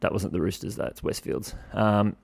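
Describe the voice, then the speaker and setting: Blunt, gravelly Australian man ranting. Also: fairly low pitch, fairly even intonation, normal speed. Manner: blunt, swears freely, mock-exasperated. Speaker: podcast host. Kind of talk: casual solo commentary.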